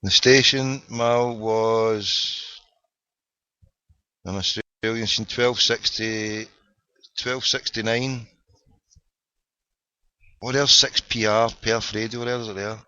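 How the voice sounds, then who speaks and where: Speaking slowly with long pauses, this Scottish host from Glasgow has a lowish, clean, sharp-toned voice and fairly even intonation. He runs an internet show from a parked car, trading jokey call-in banter in loud, meandering, wisecracking style. The sound is dry and lo-fi, like a dull webcast.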